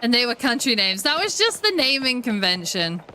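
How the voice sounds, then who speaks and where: A woman's voice: on the high side, big pitch swings, moderate pace, pushed and bright, faint music behind. A woman with a New Zealand accent streaming a video game, chatting casually with her viewers and her dog and laughing often. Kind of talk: casual chat while gaming.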